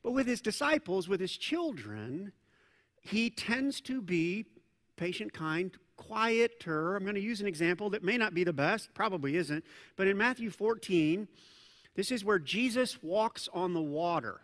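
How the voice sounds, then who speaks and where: A male pastor preaching a sermon in a conversational, animated way, with asides and self-corrections. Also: high voice, unhurried. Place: church sanctuary. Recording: long reverb of a large church hall.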